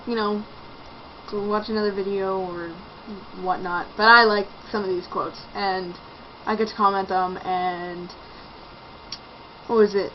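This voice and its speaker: A woman's voice: medium pitch, steady tone, a little slow, pauses often. A young woman casually reviewing a book on her vlog, sarcastic and ranting, mocking the lines she reads out. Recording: dull lo-fi home video with faint noise.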